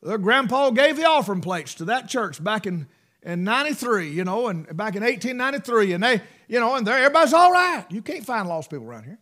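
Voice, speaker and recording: This middle-aged preacher, caught in the middle of a sermon, has a man's voice that sits high and leaps around wildly. Very animated and quick, he moves between fervent, loud outbursts and quiet asides.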